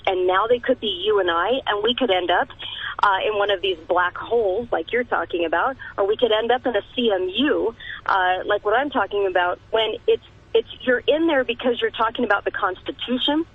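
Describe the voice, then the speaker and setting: A woman's voice: a little high, husky. A woman talking on a radio show, emphatic and impassioned, often restarting her sentences, heard over a phone line. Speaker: radio talk guest. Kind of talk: radio talk discussion. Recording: dry tinny phone line.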